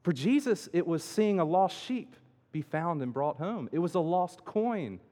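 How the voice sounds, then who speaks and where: A man preaching a sermon as pastor, swinging between loud emphatic lines and quiet asides. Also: a little high, expressive, a little slow. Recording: long hall reverb.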